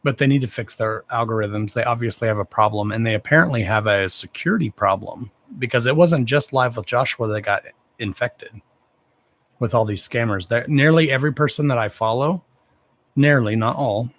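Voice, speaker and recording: With a medium pitch, moderate pace, and fairly bright tone, this man hosts a relaxed livestream. He swears a lot and speaks bluntly to his audience, all while gushing over them warmly.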